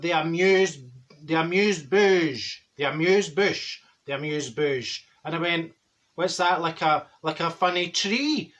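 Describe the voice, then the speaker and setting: A man's voice: high-pitched, sharp tone. A man playing a blunt, gossipy older woman from Glasgow, with a broad Glaswegian accent, telling a rambling comic story. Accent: Glaswegian Scottish. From Scotland. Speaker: comedy character. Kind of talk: character comedy monologue.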